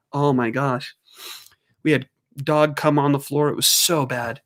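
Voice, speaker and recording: Animated man telling a story on a livestream. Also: moderate pace. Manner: animated, laughing, squeaky voices for his dogs. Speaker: livestream host. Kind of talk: casual storytelling chat. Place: home.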